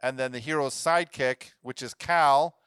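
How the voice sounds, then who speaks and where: A man with an Upper Midwest accent, co-hosting an improvised storytelling podcast, eagerly thinking aloud and pitching plot ideas. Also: normal speed, fairly bright tone, clean tone, no echo, clean studio sound. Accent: Upper Midwest American. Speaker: podcast co-host.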